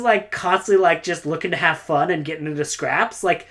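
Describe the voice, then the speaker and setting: A woman's voice: fairly low pitch, brisk, few pauses. A woman reviewing books in a casual, rambling monologue, enthusiastic and full of "like" and "uh". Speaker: book reviewer.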